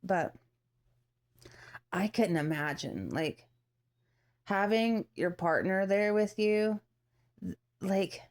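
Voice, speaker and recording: A woman's voice: medium pitch, animated, takes it slowly, long pauses, a little mellow. A woman in her thirties chatting casually to her viewers, rambling with many fillers and restarts and acting out what others said. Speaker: vlogger. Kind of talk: casual storytelling to camera.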